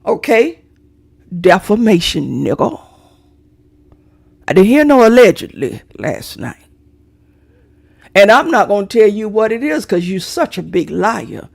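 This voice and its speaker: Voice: mid-range voice, sing-song, measured pace, vocal fry, long pauses, darkish tone. A middle-aged vlogger ranting to viewers in a brash, profane, theatrical way, straight into a phone or webcam.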